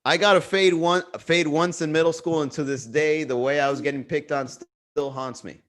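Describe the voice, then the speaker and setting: A man's voice: fairly high pitch, steady tone, moderate pace, a bit bright. A young man hosting a comedy livestream, riffing casually to the chat, swearing and laughing at his own jokes. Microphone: webcam livestream.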